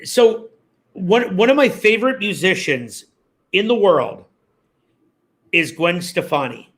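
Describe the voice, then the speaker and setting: High-voiced animated man telling stories. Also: slow pace. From Canada. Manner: animated storyteller, acts out quotes. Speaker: guest, former radio host. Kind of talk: casual interview chat.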